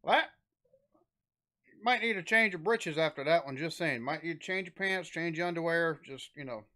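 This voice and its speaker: A man speaks off the cuff, and his sentences stop and start as he works his thoughts out. His voice sits a little higher than most men's, and it is loose and conversational. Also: a little fast, pushed and bright. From Southern United States. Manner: rambling, with frequent restarts and fillers. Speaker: reaction video host. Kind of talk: casual reaction commentary.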